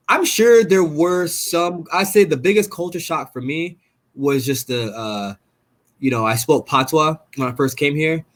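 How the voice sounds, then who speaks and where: A young man from Jamaica, a fighter guest chatting casually on a podcast, laid-back and animated, laughing often. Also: fairly high pitch, unhurried.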